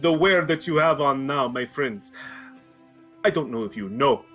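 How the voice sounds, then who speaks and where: A man's voice: medium pitch, expressive, a little slow, a bit bright, soft background music. A man voicing a boastful, wealthy male merchant prince who speaks in grand, formal phrases.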